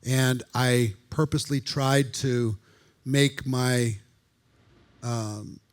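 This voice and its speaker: A man from Minnesota who trains presenters, talking conversationally and repeating words as he starts his sentences. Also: fairly even intonation. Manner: deliberately lowered voice, repeats words when starting out. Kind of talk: conversational talk on public speaking.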